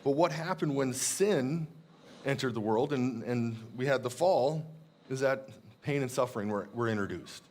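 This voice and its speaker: A man preaching a sermon in a church, earnest and reflective, slowing down to read scripture verses aloud. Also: medium pitch, a little mellow. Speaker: pastor.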